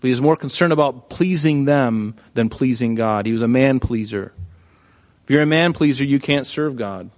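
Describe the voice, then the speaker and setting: A male pastor preaching an animated sermon, acting out Bible figures as he goes. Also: mid-range voice, moderate pace.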